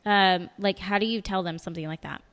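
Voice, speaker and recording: A woman hosts a podcast interview. She pauses often and fills the gaps with words as she thinks aloud. Her voice trails off into a long reverb. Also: medium pitch, fairly even intonation, fairly bright tone. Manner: halting, filler-heavy and reflective. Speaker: podcast host. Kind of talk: conversational interview.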